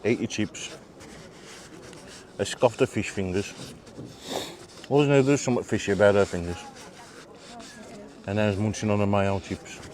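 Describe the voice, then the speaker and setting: A man's voice: on the low side, steady tone, normal speed, pauses often, a little mellow. A British man hosting a casual food vlog outdoors at a marina, chatting and joking as he eats and reviews the meal. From Britain. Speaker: vlog host.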